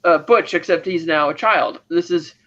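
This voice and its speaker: Quick high-pitched guy recapping a movie, does the characters' lines, kinda dull lo-fi sound. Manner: animated retelling, acting out lines with raised pitch. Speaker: podcast co-host. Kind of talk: casual film recap chat. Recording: dull lo-fi audio.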